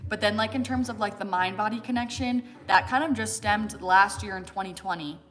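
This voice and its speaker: A young American woman chats through a fitness livestream, answering questions with a loose, rambling flow full of fillers and quick laughs. Her voice sits at an ordinary middle pitch. Faint music plays in the background. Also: fairly bright tone. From United States. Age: 20s. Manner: chatty, many fillers and "like", laughs often. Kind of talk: casual chat answering viewer questions.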